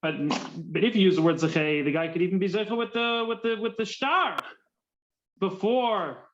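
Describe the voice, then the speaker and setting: A man's voice: high voice, moderate pace, highs cut off, background noise. A man teaching a Talmud class, mixing Hebrew terms into English and often repeating words as he thinks.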